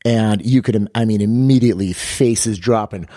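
Man, low voice, dark mellow tone, energetic storyteller, podcast co-host, dry close sound. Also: moderate pace, no room sound. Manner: energetic storyteller, acts out quotes with raised pitch. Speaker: podcast co-host and fitness coach.

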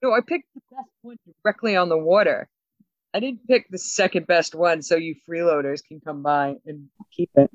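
A woman co-hosting a podcast, telling a story with lots of laughs and quick asides. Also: lowish voice, no echo, muffled recording. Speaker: podcast co-host. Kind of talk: casual chat.

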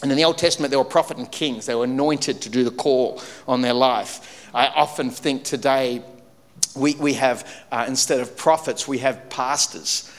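A man preaching a sermon, telling a story with lively shifts between loud punchy lines and low, quiet, weighty ones. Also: moderate pace, long reverb tail. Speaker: pastor.

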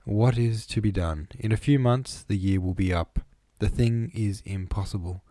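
A man voicing a gentle, sorrowful young noblewoman in an audiobook, reading her lines in a raised, pleading tone. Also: lowish voice, normal speed, no echo, natural voice. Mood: earnest.

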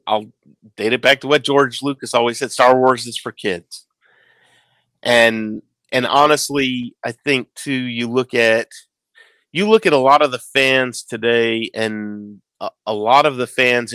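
A man in his forties co-hosting a casual podcast chat, telling stories and acting out quotes with lively emphasis. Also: medium pitch, measured pace, clean tone, no echo. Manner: animated storyteller, acts out quotes. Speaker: podcast co-host.

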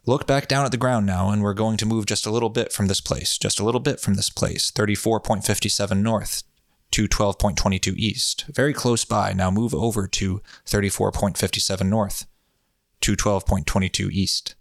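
A man voicing a calm male session monitor, giving slow, measured, repeated directions in a hypnotic manner. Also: on the low side, no echo, clean studio sound, close to an everyday voice.

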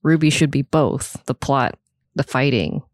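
A woman's voice: a bass voice, measured pace, dry recording. Blunt woman on a podcast chat. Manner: blunt, swears, laughs often. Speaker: podcast co-host. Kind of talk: casual chat. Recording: dry close mic, webcam call.

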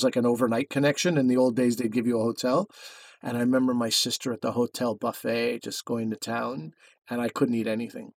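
A man's voice: medium pitch, creaky, no echo. A man co-hosting a podcast in casual chat, rambling through a story and correcting himself as he goes. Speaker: podcast co-host.

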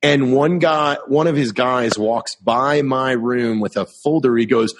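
A man's voice: medium pitch, unhurried, noisy background. A man telling a military anecdote in casual chat, profane and exasperated.

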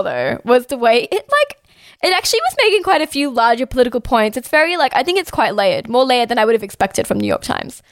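A woman's voice: sits high, no echo, studio quality. A woman co-hosting a podcast, talking heatedly with lots of swearing and fillers. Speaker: podcast co-host. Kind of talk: casual chat.

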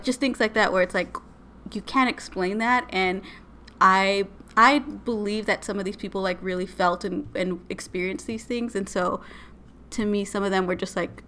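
A woman chats on a podcast, retelling creepy tales in a loose, filler-heavy way. Her voice is bright and forward, and her pitch stays fairly level. Her speech is casual and conversational. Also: a little hiss or hum. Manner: retells eerie stories with many fillers. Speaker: podcast co-host. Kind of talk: casual storytelling chat.

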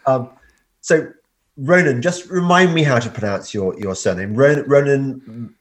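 A man's voice: medium pitch, measured pace. A man hosting a podcast, drowsy from painkillers, who rambles and stammers over his words. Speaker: podcast host. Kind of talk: casual podcast chat.

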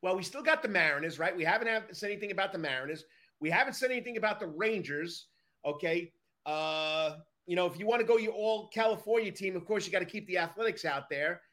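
High-pitched, quick, bright, and forceful, a man co-hosts a relaxed baseball podcast. He's upbeat and takes charge of moving the sports chat forward.

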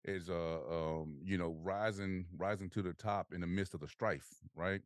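A man's voice: sits low, normal speed, no echo, studio quality. A man in his forties hosting a podcast, chatting casually and telling stories with energy. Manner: animated storytelling, laughs often, acts out quotes. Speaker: podcast host. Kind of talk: casual conversation.

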